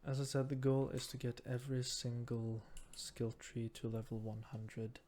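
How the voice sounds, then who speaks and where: A man's voice: medium pitch, little pitch movement, moderate pace, dark tone, slight background noise. A man whose first language is Norwegian, murmuring his thoughts aloud and musing in a self-deprecating way while he plays a game. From Norway. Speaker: gamer. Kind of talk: casual gameplay commentary.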